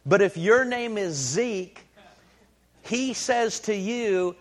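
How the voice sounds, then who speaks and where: High-voiced man preaching a folksy sermon. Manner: folksy, unhurried storytelling with many fillers. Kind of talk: sermon with storytelling.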